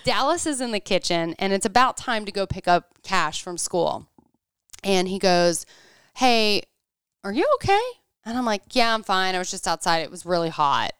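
Woman, thirties, animated storyteller, very clear resonant voice, dry studio sound. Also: medium pitch, moderate pace, dry recording. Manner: animated storyteller, acts out quotes, frequent "like". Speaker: guest telling a story. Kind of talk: casual chat.

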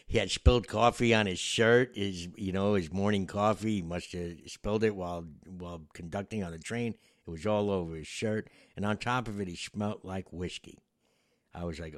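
Low-voiced man telling a rambling story. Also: steady tone, moderate pace. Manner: meandering and reflective, many fillers. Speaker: podcast host. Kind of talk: casual storytelling.

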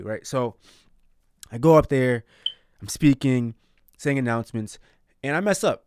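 A man's voice: medium pitch, measured pace, long pauses, a little mellow, clean tone, no room sound, studio quality. A man hosting his own podcast, talking earnestly and a bit rambling about faith and failure. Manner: earnest, rambling, self-reflective. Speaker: podcast host.

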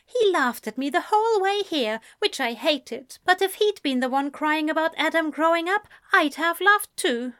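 A woman voicing a bold, teasing female friend, pitched up and lively. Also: moderate pace, hardly any pauses. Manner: teasing, pouting.

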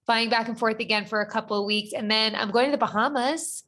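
Bright-voiced chatty woman. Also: fairly high pitch, fast. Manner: chatty, rambling with many fillers. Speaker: guest. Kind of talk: casual chat.

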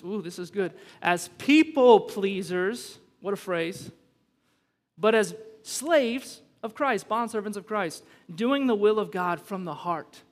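A man's voice: sits high, fairly bright tone. A man preaching a sermon as pastor, emphatic and conversational, with bursts of humor and rising intensity. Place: church sanctuary. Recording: long reverb from a large hall.

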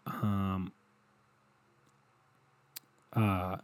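A young man with a slightly low voice tells a rambling story in casual, foul-mouthed fashion. He mocks himself and keeps it loose and conversational throughout. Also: flat delivery, extremely slow. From Ohio, USA. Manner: profane, rambling, self-mocking.

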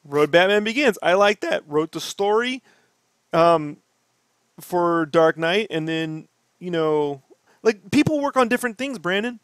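A man riffs on a podcast in a slightly high voice, profane and worked up as he rants. The sound is close and dry, with no room around him. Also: unhurried, clear, resonant tone, no echo. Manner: profane, ranting, animated. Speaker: podcast host. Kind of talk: casual podcast chat.

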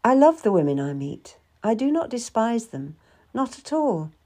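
A woman narrating a historical novel in first person, in a measured, calm storytelling manner. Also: a little high.

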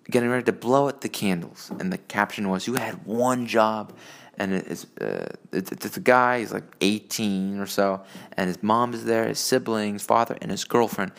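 A man's voice: fairly low pitch, gravelly. A man vlogging into a phone, telling a rambling, profane story in a casual way and restarting his sentences often.

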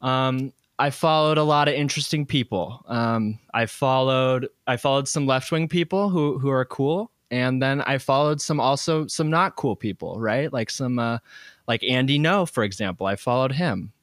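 A man's voice: mid-range voice, normal speed, no room sound, studio quality. A man hosting a comedic podcast, telling stories in a joking, rambling way with frequent ums. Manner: joking, storytelling, frequent laughs and filler ums. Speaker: podcast host. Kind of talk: casual comedic podcast chat.

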